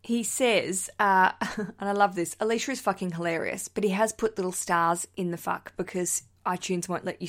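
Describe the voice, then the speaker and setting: Speaking at medium pitch, this Australian woman, likely in her thirties, hosts a wedding podcast. She's bubbly and talkative, laughing a lot and tossing in casual swears as she goes through listener messages.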